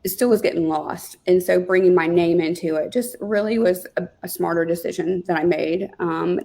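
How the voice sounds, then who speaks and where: A woman with a gravelly, fry-tinged voice chats as an interview guest. She talks over a video call, telling stories in a casual, animated way and often pausing on fillers. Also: lowish voice. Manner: chatty, animated storyteller with many fillers. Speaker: guest, real estate team leader.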